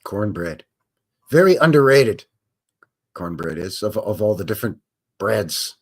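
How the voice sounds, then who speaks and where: A man's voice: lowish voice, sing-song, measured pace. A middle-aged man, hosting a live stream and reading viewer questions in a chatty, jokey, rambling way. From Canada. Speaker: host.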